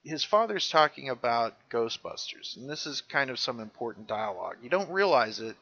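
Bright-voiced man recapping scenes. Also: medium pitch, normal speed, no echo, lo-fi sound. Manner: animated, jumps into character voices when quoting. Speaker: podcast co-host recapping a show. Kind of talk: casual chat, retelling scenes with quoted lines.

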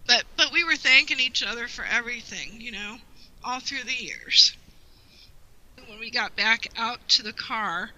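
A woman guest sharing a heartfelt personal memory in an interview, rambling warmly with many "you know"s and close to tears at times. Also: a little high, unhurried, a little hiss or hum, rough recording. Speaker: guest, longtime fan.

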